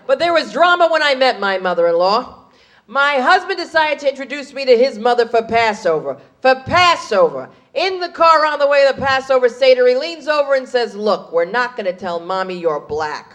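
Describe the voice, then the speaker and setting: A brash woman in her thirties telling stories on a stand-up stage. Her voice sits a little high, and she delivers everything with animated, punchy timing. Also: brisk. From USA. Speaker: stand-up comedian. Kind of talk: stand-up comedy.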